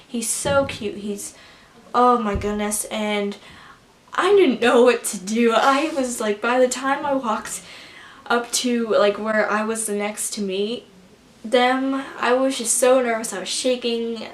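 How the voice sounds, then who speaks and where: A young woman vlogging a casual story, gushing and excitable, rambling with lots of fillers. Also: a little high, takes it slowly. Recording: roomy with faint background noise.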